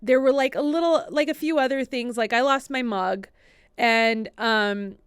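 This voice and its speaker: Chatty woman with a smooth voice. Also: a little high, a little slow, no room sound, clean studio sound. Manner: chatty, many "like" fillers, animated retellings. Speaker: podcast co-host and assistant, guest. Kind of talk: casual interview storytelling.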